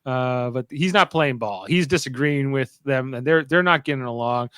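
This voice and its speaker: A man's voice: medium pitch, moderate pace, hardly any pauses, fairly bright tone, clean tone, no room sound. Rambling man recapping an episode, dry sound. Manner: rambling recap with many fillers and restarts. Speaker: podcast host. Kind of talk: casual episode review chat.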